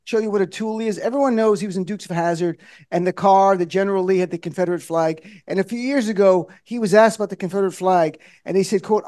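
A man hosting a radio talk show in a studio, animated and joking, often laughing through comedic political banter. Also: high-pitched, fast talker, dry recording.

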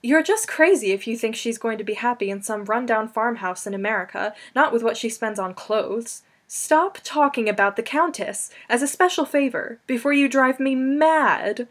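Woman doing storybook teen girl, haughty, affected, raised pitch, pushed volume. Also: moderate pace, few pauses, close to an everyday voice. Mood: agitated. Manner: fancy, affected, mocking tone. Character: haughty proud seventeen-year-old girl.

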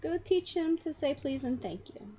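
A woman's voice: sits high, animated, dark tone, slight background noise. A woman giving casual commentary over a life-simulation game, chatty and narrating her moves. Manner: chatty, voices her characters in quick asides. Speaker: gaming channel host.

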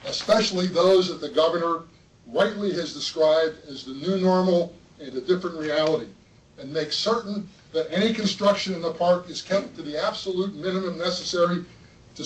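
Man, public commenter, high pitch, pointed read-out testimony, roomy distant room sound. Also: a little hiss or hum. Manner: earnest, pointed, read-out statement. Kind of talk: public testimony at a board meeting. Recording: roomy hall, mic far off.

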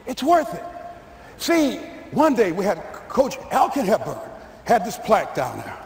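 A man's voice: sits high, wildly swooping pitch, moderate pace, vocal fry, darkish tone. A man giving a motivational speech to an audience in a large hall, telling stories and hammering home his points with repetition. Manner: emphatic storyteller, repeats his points. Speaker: motivational speaker. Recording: echoey hall reverb, faint noise.

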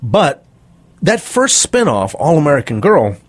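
A man's voice: fairly high pitch, a little slow, no echo. A middle-aged man, a performance coach, telling stories in an interview and acting out the people he quotes. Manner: animated storyteller acting out quoted voices. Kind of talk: interview storytelling.

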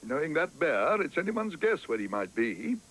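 Man playing a brisk old housekeeper lady, knowing, raised pitch, lively.

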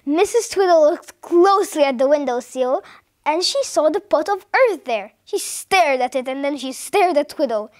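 A woman reading a children's story aloud in a lively, expressive way. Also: high-pitched, moderate pace. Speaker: story reader.

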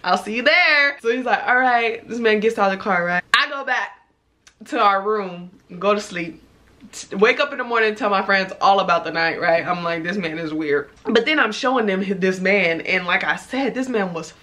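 A woman in her twenties telling a storytime to her viewers in casual chat, animated, acting out the people she quotes. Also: medium pitch, moderate pace. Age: 20s. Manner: animated, laughing, acts out quoted lines. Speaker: vlogger.

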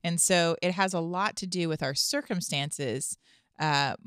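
A woman's voice: lowish voice, unhurried, a bit bright, clear, resonant tone, dry recording, studio quality. A woman co-hosting a podcast, chiming in with agreeing interjections and playful teasing. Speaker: podcast co-host. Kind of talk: casual conversational podcast chat.

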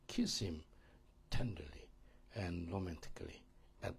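Gravelly Korean-accented man preaching. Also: lowish voice, expressive, measured pace, dark tone. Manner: emphatic, repetitive, keeps checking "do you understand?". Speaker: pastor teaching a marriage course. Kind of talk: sermon-style teaching to a congregation.

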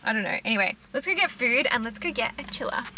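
A woman's voice: fairly high pitch, animated, fast, pushed and bright, a little hiss or hum. A young woman with an Australian accent, chatting casually to a handheld camera as a vlogger and swearing freely in rambling asides. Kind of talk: casual vlog talk to camera.

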